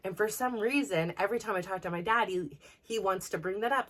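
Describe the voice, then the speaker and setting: A woman's voice: mid-range voice, a little fast, hardly any pauses, fairly bright tone. A woman in her forties, hosting a podcast, venting in a rambling personal monologue full of fillers. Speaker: podcast host.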